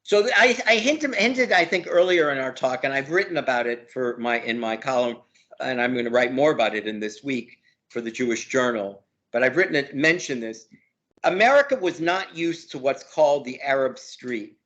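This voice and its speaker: A man's voice: medium pitch, expressive, moderate pace, fairly bright tone, dull audio. A man, a law professor as interview guest, talking heatedly and hammering points by repeating words. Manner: emphatic, repeats words for force. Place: lives in Brooklyn.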